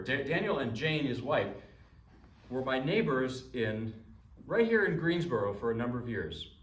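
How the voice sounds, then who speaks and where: A man's voice: mid-range voice, animated, moderate pace. A man talking to his audience before he plays a piano piece. He talks chattily and with jokes, restarting his sentences often. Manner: chatty, rambling, jokey, many restarts. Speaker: pianist introducing a piece. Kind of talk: informal recital talk. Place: recital room. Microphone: distant mic. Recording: echoey room from far off.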